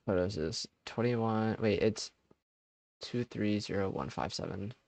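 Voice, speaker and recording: A man's voice: lowish voice, unhurried, creaky, darkish tone, no room sound. A young man hosting a live stream, chatting casually with viewers. He laughs often and trails off mid-sentence.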